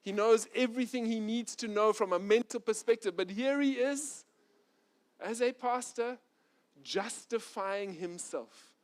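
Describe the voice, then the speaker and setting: A middle-aged male pastor preaching a sermon, swinging from loud, urgent passages to soft, quiet ones. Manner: animated preacher, rising loud and fast when intense, dropping soft and low.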